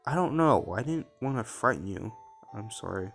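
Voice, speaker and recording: A man reading a devoted time-traveling protagonist in a story game, quietly and earnestly. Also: on the low side, expressive, normal speed, creaky, faint music behind.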